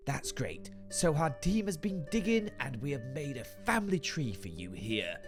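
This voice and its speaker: A man voicing a smooth male TV show host in a put-on accent, with a polished presenter manner. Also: on the high side, sing-song, normal speed, music in the background. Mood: presenting.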